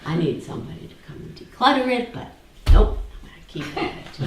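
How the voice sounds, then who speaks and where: A woman spiritual teacher giving a deliberate talk to a small group, often dropping to near-whispers. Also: medium pitch, big pitch swings. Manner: slow, deliberate, drops to near-whispers on key words. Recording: roomy, distant from the mic, faint background noise.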